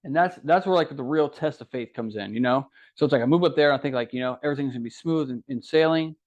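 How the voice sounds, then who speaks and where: On a dull lo-fi podcast recording, a young Ohio man in his adult years tells his story as a guest. His voice is medium-pitched and quick, and he animatedly acts out the dialogue of others in a casual way.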